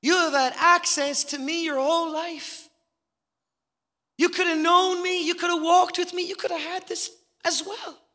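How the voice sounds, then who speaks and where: A preacher taking on a gentle, loving father who pleads tenderly with his son. The voice sits very high and sharp, and it carries a long reverb through the hall. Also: fairly even intonation, unhurried, heavily acted.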